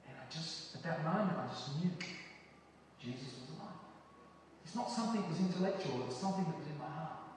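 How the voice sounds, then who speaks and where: An Australian man telling a personal story in a filmed interview, earnest and halting with restarts. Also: fairly high pitch, a little hiss or hum. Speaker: interview guest. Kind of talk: testimony interview. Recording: video played back in a hall, far off and echoey.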